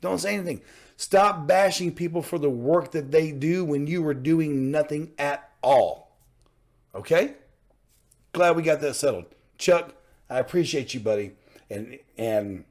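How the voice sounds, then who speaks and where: A man hosting a reaction channel, talking in an earnest, fired-up way and repeating himself for emphasis. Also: fairly high pitch. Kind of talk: casual reaction commentary.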